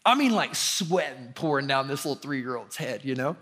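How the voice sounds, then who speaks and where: A young man from the preaching a conversational sermon as pastor, rising in pitch and volume when he drives a point home. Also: lively intonation, normal speed, a bit bright. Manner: conversational preaching with sudden emphatic rises.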